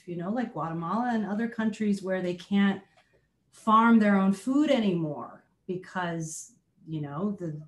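A woman who is a children's musician, chatting in an interview, laughing often and restarting her sentences. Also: on the low side. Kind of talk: casual interview chat. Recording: roomy echo.

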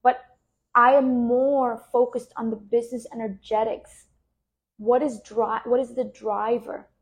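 A woman podcast host and business coach, speaking slowly and soothingly as she guides a relaxation and coaching reflection. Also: fairly high pitch, little pitch movement.

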